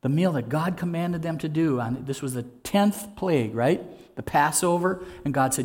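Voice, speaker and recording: A man's voice: high voice, moderate pace, darkish tone. A man preaching a sermon in an earnest, conversational way, asking his listeners rhetorical questions. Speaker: pastor.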